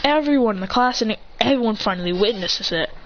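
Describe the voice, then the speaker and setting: A woman excitedly improvising an action story, acting out attacks with shouts. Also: a little high, brisk. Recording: dull lo-fi with faint hiss.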